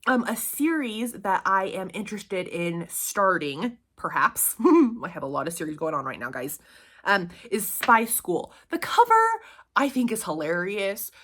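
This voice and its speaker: A woman's voice: medium pitch, big pitch swings, unhurried, a bit bright. A young adult woman chatting to camera in a casual vlog, upbeat and chatty with frequent ums and little laughs. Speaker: booktuber and tutor.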